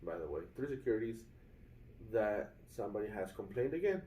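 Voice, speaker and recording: A man's voice: fairly low pitch, very animated, brisk, dark tone, echoey room, recorded from a distance, a little hiss or hum, rough recording. A young adult man vlogging casually about a bad hotel stay, rambling with many fillers and restarts and calling his viewers guys. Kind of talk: casual vlog complaint. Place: hotel room.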